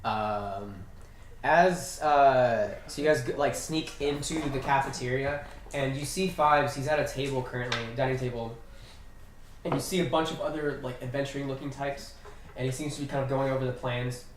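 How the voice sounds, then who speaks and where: A man's voice: mid-range voice, steady tone, moderate pace, background noise. A man running a tabletop game as game master, narrating loosely with lots of fillers and frequent laughter. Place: room shared with several players. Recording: roomy, distant mic with chatter of the group.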